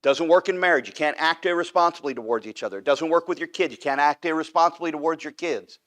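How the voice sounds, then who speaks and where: Adult man teaching a church class, emphatic, slightly higher voice, keeps asking "right?". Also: fast talker, a bit bright. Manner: emphatic, repeats points with "right?". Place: church room.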